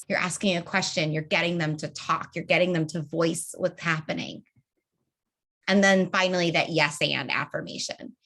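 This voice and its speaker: A woman's voice: fairly low pitch, normal speed, fairly bright tone. A woman leading an online training session over a video call, talking casually and acting out example dialogues. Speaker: organizing trainer.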